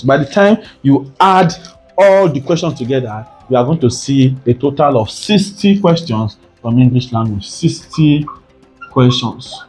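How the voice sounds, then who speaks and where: A man's voice: fairly high pitch, darkish tone. A man teaching an exam prep lesson, often repeating points and asking rhetorical "what?" questions. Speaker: tutor.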